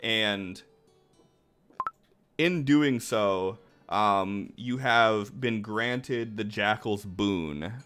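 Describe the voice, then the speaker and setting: Slow-narrating male game master. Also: on the low side, soft background music. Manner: relaxed, filler-heavy narration.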